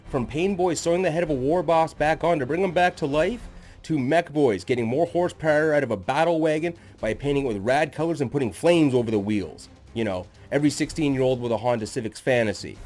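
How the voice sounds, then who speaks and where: A man's voice: fairly high pitch, darkish tone. A man hosting his own channel, narrating scripted lore in a sardonic, jokey, self-deprecating way.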